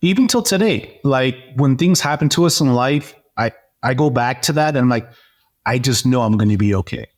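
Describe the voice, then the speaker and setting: A man as an interview guest, telling a personal story in a lively, animated way, with frequent fillers and restarts. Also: medium pitch, moderate pace. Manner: animated storyteller, acts out dialogue. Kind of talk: personal testimony in conversation.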